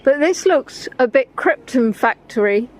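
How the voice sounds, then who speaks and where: A woman with an English accent speaks in a high voice with lively intonation, a little slowly, over a slight hiss or hum. She's live-streaming from a riverside walk outdoors, answering viewers in a loose, rambling way full of "um"s.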